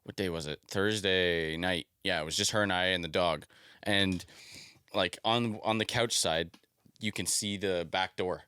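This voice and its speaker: A man's voice: sits low, steady tone, unhurried, bright, forceful tone, clean tone, dry recording. A young man co-hosting a podcast, telling stories in a laid-back way and swearing casually. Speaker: podcast co-host. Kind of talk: casual chat.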